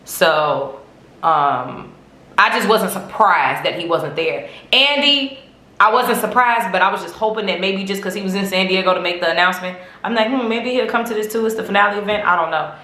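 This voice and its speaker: A woman hosting a podcast, telling stories in an animated, chatty way full of slang and swearing. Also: on the low side, moderate pace, reverberant. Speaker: podcast host. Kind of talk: casual fan chat.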